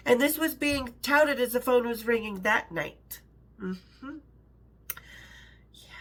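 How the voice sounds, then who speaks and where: Her voice is on the high side with a fairly bright tone as this middle-aged storyteller reads her own memoir. Chatty asides, laughter between passages and self-interruptions punctuate the reading.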